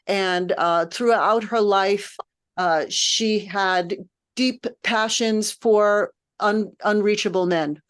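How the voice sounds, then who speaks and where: A woman's voice: medium pitch, takes it slowly, smooth. A woman music director leading a text study, lecturing informally in a thoughtful, patient way while she searches for her words.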